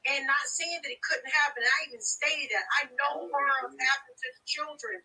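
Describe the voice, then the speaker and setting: A woman's voice: high-pitched, moderate pace, bright, forceful tone. Defensive middle-aged woman, distant stream audio. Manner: defensive, emphatic, profane. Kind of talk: heated argument.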